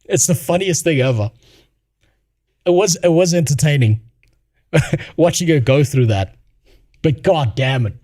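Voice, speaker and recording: A man's voice: on the high side, expressive, measured pace, long pauses, dark tone, no echo. Profane ranting streamer man, dry sound. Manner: blunt, swears a lot, laughs while telling stories. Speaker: streamer reacting to a video. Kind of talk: casual profane rant.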